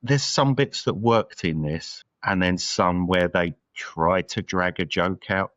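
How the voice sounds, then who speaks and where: A man's voice: low-pitched, slow pace, a bit bright, dry recording, highs cut off. A man co-hosting a podcast, chatting casually about a film and thinking aloud with lots of fillers. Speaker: podcast co-host. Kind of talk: casual film review chat.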